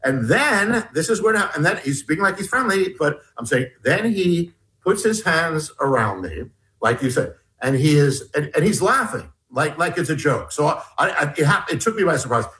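Excitable man telling a rambling story. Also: fairly high pitch, poor audio. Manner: rambling, halting restarts, excited retelling. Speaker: author and guest. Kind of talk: storytelling interview.

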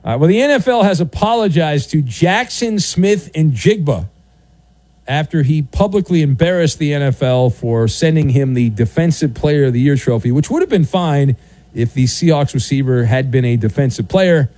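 Male sports talk host, playful and sardonic, lively delivery with a slightly high but mellow voice. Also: normal speed, no echo.

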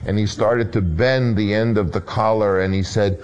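A male filmmaker in an archival interview, telling a story in an animated way. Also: fairly low pitch, normal speed. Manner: animated, acts out voices in anecdotes. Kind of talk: anecdotal storytelling.

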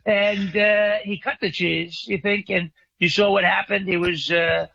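A man's voice: high-pitched, fairly even intonation, unhurried, creaky, sharp tone, no echo, lo-fi sound, exaggerated voice. A man doing an impression of an older male president, rambling and boastful with a short temper, in a radio comedy bit. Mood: mocking. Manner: rambling, boastful, crude jokes.

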